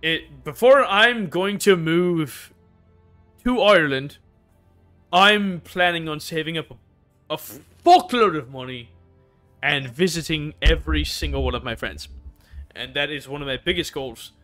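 A young man talks loosely while he games, tipsy and rambling, with the odd swear dropped in. His voice is bright and sits a little high. Faint music plays underneath. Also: expressive, a little slow. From United States. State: drunk. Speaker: gaming streamer. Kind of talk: casual chat while gaming.

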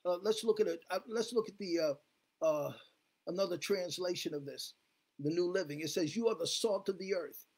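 A man's voice: high-pitched, normal speed, a little mellow, breathy edge. A man preaching a sermon as pastor, fervent, leading the congregation in call-and-response. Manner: fervent, repeats "glory be to God, hallelujah" with call-and-response.

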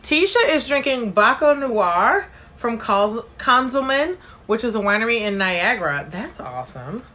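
Bubbly, bright-voiced woman hosting a livestream. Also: a little high. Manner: bubbly, chatty, greets viewers by name. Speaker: livestream host. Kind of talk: casual live-stream chat reading viewer comments.

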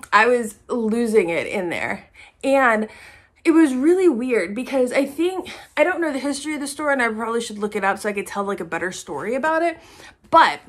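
Woman, haul vlogger, casual to-camera chat, excitable, a bit high-pitched. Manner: chatty, excitable, swears casually.

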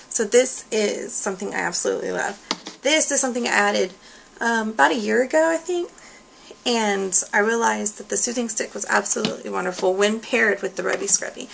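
A woman chatting casually through a product review, relaxed and full of fillers, with her voice going hoarse. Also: mid-range voice, a little hiss or hum, poor audio. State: losing her voice. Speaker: beauty product consultant.

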